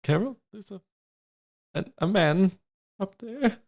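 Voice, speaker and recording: A man's voice: sits high, lively intonation, slow, darkish tone, voice pushed up, full character voice. A man voicing a flustered curly-haired woman who stammers. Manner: hesitant, stammering.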